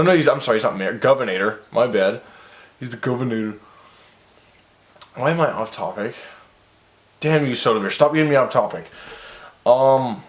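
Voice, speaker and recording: A man's voice: mid-range voice, echoey room. A man reading a story aloud as a reviewer, stumbling over words and breaking off into exasperated, sidetracked commentary.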